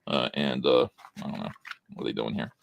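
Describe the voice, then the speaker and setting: A man's voice: very deep voice, fairly quick, creaky, dry recording. A man casually reviewing a comic book, reading its dialogue aloud in a sardonic, mocking way. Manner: sardonic, mocking, reads quotes in flat deadpan.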